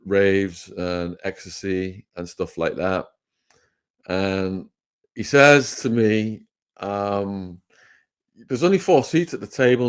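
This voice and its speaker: An English man telling vivid stories as an interview guest, animated and often laughing. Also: on the low side. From England. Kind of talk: storytelling interview.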